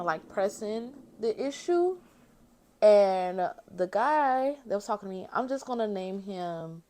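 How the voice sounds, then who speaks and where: A woman's voice: mid-range voice, darkish tone. A young woman casually telling a story while doing her makeup, chatty and slangy, using lots of filler words. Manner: chatty and slangy, heavy use of "like" fillers, addresses viewers as y'all. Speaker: beauty vlogger.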